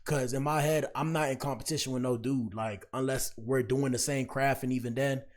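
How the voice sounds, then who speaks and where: A man's voice: mid-range voice, steady tone, brisk. Slangy young man preaching to viewers. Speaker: commentary streamer. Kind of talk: casual reaction commentary.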